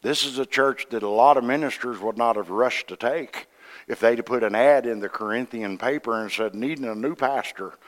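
A middle-aged man, an associate minister, preaching a sermon with folksy humor, acting out dialogue and swinging from hushed tones to loud outbursts. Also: mid-range voice, normal speed. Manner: acts out dialogue in quoted voices.

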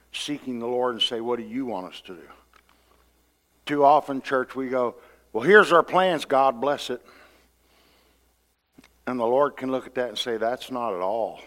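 A male pastor with a medium-pitched voice preaches conversationally, often repeating words and acting out what people say.

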